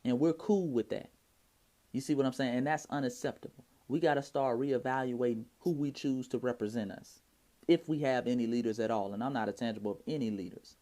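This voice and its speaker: A man's voice: medium pitch, fairly even intonation, brisk, dark tone. A man with an Atlanta Southern accent giving impassioned, preachy reaction commentary in heavy slang. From Atlanta, Georgia. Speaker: vlogger.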